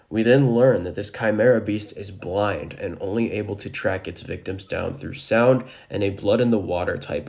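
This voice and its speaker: A man's voice: low-pitched, creaky, a little mellow. A man narrating a manga chapter recap in a casual, enthusiastic way, with joking asides.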